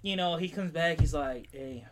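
A man with a high-pitched voice, swearing and laughing as he tells a story in loose, casual talk. Other voices chatter behind him. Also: animated, normal speed. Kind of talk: casual podcast chat.

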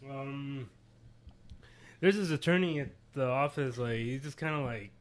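A man's voice: mid-range voice, moderate pace. A young man in casual chat, rambling through a story with many "like" fillers.

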